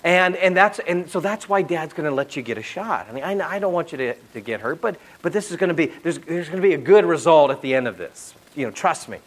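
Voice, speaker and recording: A middle-aged male pastor preaches in a slightly high voice. He tells stories in an animated way and often checks in with the congregation. His delivery is lively and conversational. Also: a little fast, hardly any pauses, poor audio. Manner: animated storytelling with asides to the audience. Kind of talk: sermon.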